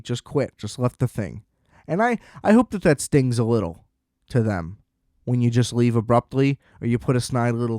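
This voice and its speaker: A man hosts a solo podcast and rants in an exasperated, profane way. He acts out sarcastic exchanges as he talks. His voice sits at a middle pitch, and the recording is dry and close, with no room sound. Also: a little mellow, dry recording. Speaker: podcast host. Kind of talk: solo ranting monologue.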